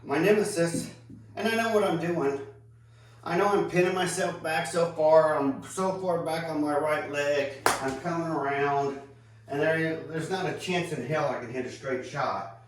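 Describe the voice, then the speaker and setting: A man giving a casual golf lesson in an easygoing way, talking while he hits balls on the range. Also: on the high side. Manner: easygoing, unhurried, talks while hitting balls. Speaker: golf instructor. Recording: echoey sound from far off.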